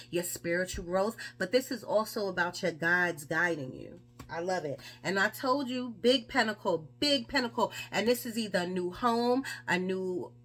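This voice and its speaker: A woman's voice: on the low side, fairly bright tone. Emphatic woman giving a chatty tarot reading. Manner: chatty and emphatic, with lots of rhetorical questions. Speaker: tarot reader.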